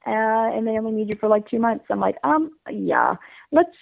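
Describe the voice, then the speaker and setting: Woman chatting fast in an interview, bubbly and rambly, gravelly voice, tinny phone sound. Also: mid-range voice, sing-song, dry recording. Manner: fast, bubbly storytelling with many fillers. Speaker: interview guest. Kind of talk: casual interview. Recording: dry, phone-like line.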